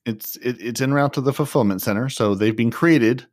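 A man co-hosting a casual gaming stream, explaining things in a relaxed way with some false starts. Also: medium pitch, moderate pace, no echo, studio quality. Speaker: stream co-host.

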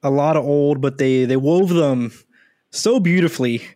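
A man's voice: a little high, moderate pace, mellow, no echo. Easygoing male co-host, dry sound. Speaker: podcast co-host. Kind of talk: casual podcast chat.

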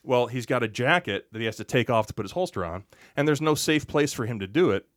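A man on a podcast as a guest, telling a relaxed, chatty anecdote full of asides. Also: mid-range voice, fast, dry recording, clean studio sound. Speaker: podcast guest, actor and stuntman. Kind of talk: casual storytelling on a podcast.

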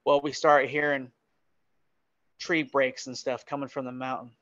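Animated male podcast guest, dull dry audio. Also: mid-range voice, moderate pace, no room sound. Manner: animated, laughs often, acts out quotes. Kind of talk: casual storytelling.

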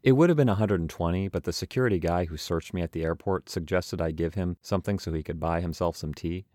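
A man's voice: sits low, fast talker, darkish tone, no echo, studio quality. A young man narrating his travel journal aloud, wry and self-mocking.

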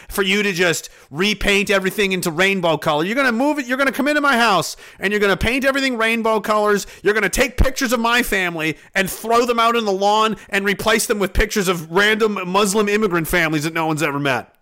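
High bright-voiced man ranting angrily. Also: fast, few pauses. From Canada. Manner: profane, heated, mocking voices of others. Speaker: streamer ranting on live stream. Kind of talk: angry political rant.

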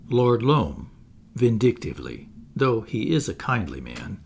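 A man reading a play's stage directions aloud in a dry, measured way. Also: fairly low pitch, sing-song, vocal fry, husky. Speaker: audiobook narrator.

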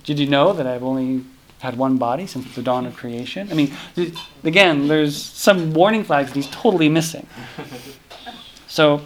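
A man with a slightly high voice explains a scripture story in a loose, casual class talk. He rambles, breaks off mid-sentence and fills gaps with small filler words. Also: moderate pace. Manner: rambling, self-interrupting, many fillers. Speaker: scripture teacher.

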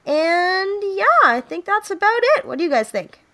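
A woman's voice: extremely high pitch, lively intonation, normal speed, pushed and bright. A young woman hosting a casual comedy podcast, telling jokes with lots of laughs and fillers. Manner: laughs often, many fillers. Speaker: podcast host. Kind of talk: casual joke-telling chat.

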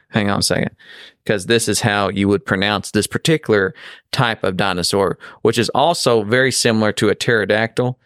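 A man's voice: lowish voice, moderate pace, pauses often, smooth, no room sound, clean studio sound. A middle-aged man, hosting a podcast and telling rambling stories in casual chat. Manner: rambling storyteller, animated. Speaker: podcast host.

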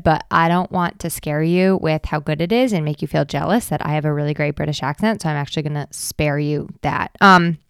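A woman's voice: fairly low pitch, clear, resonant tone, dry recording. A woman hosting a podcast in a casual, chatty monologue, playful and self-deprecating, speaking into a close mic. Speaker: podcast host.

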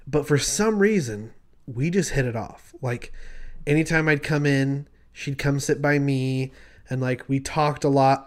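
A young man co-hosting a podcast, telling stories in a loose, animated way, laughing often and acting out voices. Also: a little high. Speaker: podcast co-host. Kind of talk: casual chat.

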